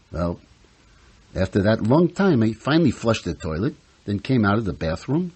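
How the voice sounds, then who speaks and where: A grumbling grandfather psychiatrist in his sixties, played by a man in a comic stage monologue, ranting about everything with a husky edge. His voice leaps high and drops low all the time, very animated. He sits slightly low in pitch and sprinkles in Yiddish words. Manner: kvetching, exasperated rant with Yiddish words. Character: exasperated older male psychiatrist, grumbling grandfather.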